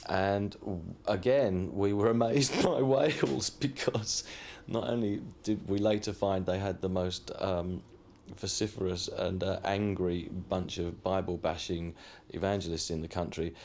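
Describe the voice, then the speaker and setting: A man reminiscing in an interview, speaking deliberately with ums and uhs. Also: low voice, steady tone, darkish tone, slight background noise. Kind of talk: measured reminiscing.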